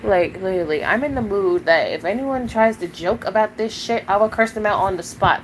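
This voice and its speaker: A young woman streams live while upset and angry, swearing freely and confronting a viewer. Her voice sits at a middle pitch for a woman. A faint hiss of background noise runs under her voice. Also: brisk, few pauses. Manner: profane, confrontational, fillers of "like".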